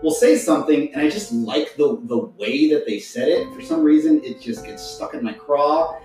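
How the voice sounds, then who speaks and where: A man's voice: a little high, moderate pace, reverberant, soft background music, low-quality recording. A man who is a voice actor, chatting casually as a podcast guest and slipping into character voices. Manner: animated, slips into character voices.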